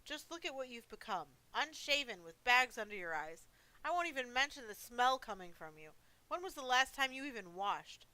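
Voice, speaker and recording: A frightened but angry wife in a horror game scolds her husband with exasperation, as a woman reads her lines. The voice is bright and clear. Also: on the high side, very animated, moderate pace, pitched above the performer's own voice, poor audio. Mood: exasperated.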